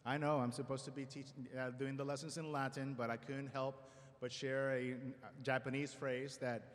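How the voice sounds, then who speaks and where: A man giving a formal convocation address at a school ceremony, measured with light self-deprecating humor, speaking at a podium microphone. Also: medium pitch, level tone. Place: large auditorium. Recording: long hall reverb in a large auditorium.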